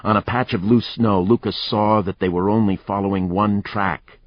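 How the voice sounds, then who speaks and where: Deep husky guy reading a thriller audiobook, dry, kinda muffled. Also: dry recording. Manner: even, measured storytelling. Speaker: audiobook narrator. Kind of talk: scripted narration. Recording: dry, slightly muffled recording.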